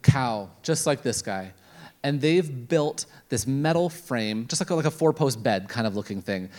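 A man from Canada, preaching a sermon as a lively comic storyteller who acts out his inner dialogue. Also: medium pitch, normal speed.

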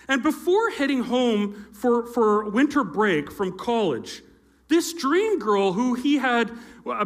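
A man's voice: sits high, a bit bright. A middle-aged man, a youth pastor, telling a story in a sermon from a church stage, with playful asides to his listeners. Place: church stage with a live audience. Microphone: handheld or stage mic with feedback.

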